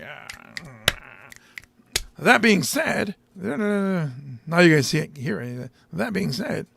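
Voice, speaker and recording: Gravelly-voiced joking comedian host. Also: male voice, fairly high pitch, a bit bright, no echo. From Samoa. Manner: rambling, joking, quick to laugh. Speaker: stand-up comedian hosting a show. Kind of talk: casual chat to an audience.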